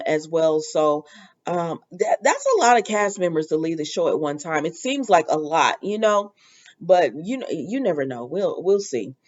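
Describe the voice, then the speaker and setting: A woman's voice: sits low, muffled recording. A woman hosting a casual soap opera recap, chatty and opinionated, with lots of fillers.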